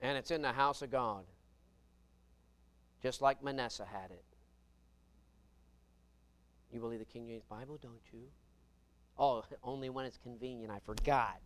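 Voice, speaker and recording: A man preaching a sermon, folksy and humorous, swinging between loud emphatic bursts and quiet asides. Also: medium pitch, unhurried, pauses often, slight background noise.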